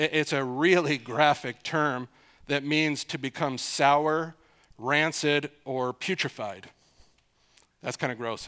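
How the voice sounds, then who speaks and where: A man's voice: mid-range voice, a bit bright, clear, resonant tone. A middle-aged man preaching an expository sermon in a conversational way, repeating phrases for emphasis and asking his listeners questions.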